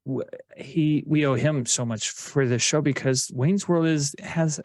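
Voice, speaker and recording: A man's voice: on the high side, measured pace, a little mellow, no room sound. A man co-hosting a podcast in casual chat, enthusiastic and often restarting his sentences. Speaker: podcast co-host.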